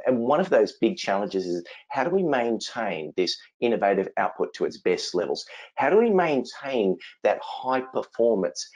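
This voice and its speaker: A man's voice: on the low side, darkish tone, poor audio. A man with an Australian accent presents a webinar in an upbeat, joking way. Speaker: webinar presenter, innovation consultant. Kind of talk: presentation with jokes.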